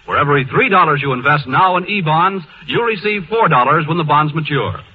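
A male announcer reads a scripted appeal in a smooth broadcast cadence. His voice is fairly high, and the old recording is muffled and dull with a faint hiss beneath. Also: lively intonation, fairly quick.

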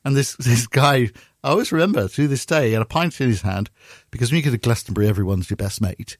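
A man's voice: mid-range voice, fast, no room sound. Middle-aged bristolian guy spinning a yarn, acts out the voices, dry close sound. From Bristol, England. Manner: lively storyteller, acts out quoted voices. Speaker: radio presenter. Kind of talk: casual anecdotal chat.

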